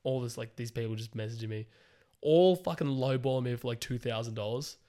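A man, co-hosting a podcast in casual chat and telling sweary, animated stories. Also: mid-range voice, a little fast. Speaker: podcast co-host.

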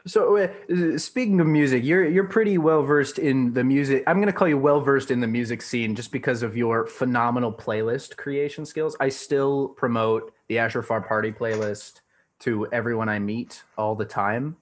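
A young man with an ordinary mid-range voice, co-hosting a casual podcast. He talks in a playful, self-mocking way and is quick to laugh. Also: medium pitch.

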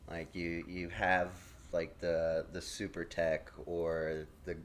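Laid-back man with a very deep voice, casual chat, slight noise in the recording. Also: level tone, takes it slowly. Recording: faint background noise.

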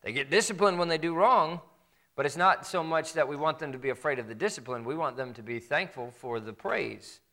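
A man preaching a sermon in a conversational way, acting out parents and children in quick quoted asides. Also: fairly high pitch, animated, a bit bright. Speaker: pastor.

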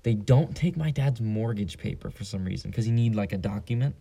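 A man's voice: lowish voice, lively intonation, fairly quick, creaky, mellow, slightly rough. A teenage boy hosting a casual solo podcast, telling a joking, profane story. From San Diego. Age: teens. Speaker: podcast host.

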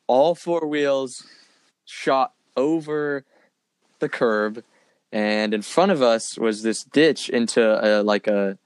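A man's voice: mid-range voice, takes it slowly, clean tone, no room sound. A young man telling a long personal story in casual chat, rambling, with many fillers like "like" and "dude". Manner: rambling, filler-heavy, says "like" and "dude" often.

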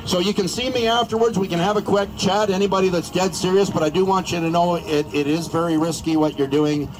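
Rousing man shouting at an outdoor rally. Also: sits high, steady tone, brisk, over music, rough recording. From Canada. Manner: rousing, crude, joking, shouts at peaks. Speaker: rally speaker.

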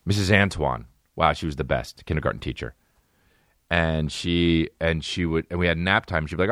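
A low-pitched young man rambles through profane stories with sudden animated bursts. He hosts a casual podcast, and his voice sits close and dry with no room sound. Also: brisk, no room sound. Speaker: podcast host. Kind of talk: casual comedic storytelling.

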